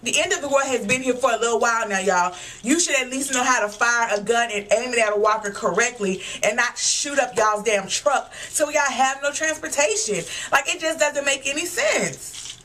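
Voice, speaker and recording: A woman's voice: on the high side, expressive, normal speed, fairly bright tone. A young woman vlogger giving a casual, blunt and profane rant reviewing a TV episode. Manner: blunt, profane, exasperated ranting.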